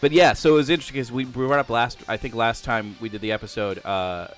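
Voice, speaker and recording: A man co-hosting a casual podcast, excitable and tripping over his words. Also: mid-range voice, fast, soft background music. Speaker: podcast co-host. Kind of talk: casual chat.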